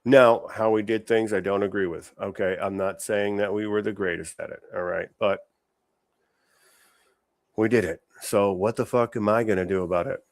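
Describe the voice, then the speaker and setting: A man delivers rough-edged political commentary, blunt and full of swearing. He sounds close to the mic, with no room around him. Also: lowish voice, fairly even intonation, moderate pace, no echo. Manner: blunt, profane, ranting. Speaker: podcast host.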